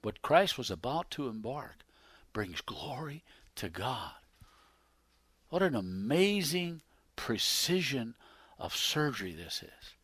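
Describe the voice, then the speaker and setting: Man, preacher, sermon, loud-to-whisper swings, reads scripture, dry close sound. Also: medium pitch, very animated, a little slow, no room sound. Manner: reads scripture aloud in King James wording.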